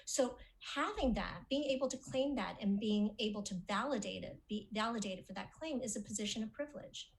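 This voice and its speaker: A woman's voice: fairly high pitch, expressive, fairly quick, gravelly, hardly any pauses, poor audio. Explanatory woman giving a lecture. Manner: explanatory, checks in with "okay?" and "right?". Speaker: speech-language pathology presenter. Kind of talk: academic webinar lecture.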